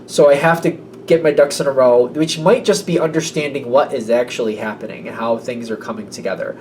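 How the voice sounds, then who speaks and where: This man talks fairly quickly in a mid-range, a little mellow voice while giving a casual tarot reading that wanders, punctuated by occasional playful voices. The recording has a slightly distant mic and faint room noise.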